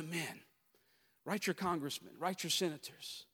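Southern pastor preaching in a reverberant hall. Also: male voice, medium pitch, moderate pace. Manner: preaching with swells from quiet storytelling to loud exhortation. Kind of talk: sermon.

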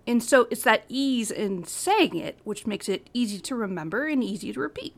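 A woman's voice: fairly high pitch, sing-song, moderate pace, vocal fry, few pauses. Upbeat woman hosting a podcast. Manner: reads from prepared notes, earnest and upbeat. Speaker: podcast host. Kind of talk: scripted educational podcast narration.

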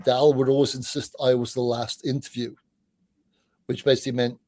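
A middle-aged man, a music journalist, telling rambling, animated anecdotes with casual swearing as an interview guest. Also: medium pitch, moderate pace, no room sound.

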